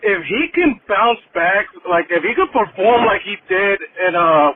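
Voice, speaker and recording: A man's voice: high voice, expressive, a little slow. A man calling into a fan show from his car, talking loose and slangy. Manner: loose slangy street talk. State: driving while calling. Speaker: caller. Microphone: phone. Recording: tinny phone line with faint noise.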